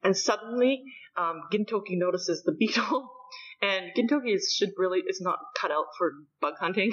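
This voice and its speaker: A woman from Canada, co-hosting a podcast and recapping manga chapters in an animated, storytelling way. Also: medium pitch, moderate pace, dull audio. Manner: animated storytelling, laughs often. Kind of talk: casual chat.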